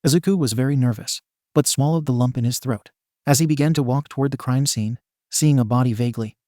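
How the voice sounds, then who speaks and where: A man narrating a fan story in a steady, even reading voice. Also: mid-range voice, fast, dry recording, studio quality.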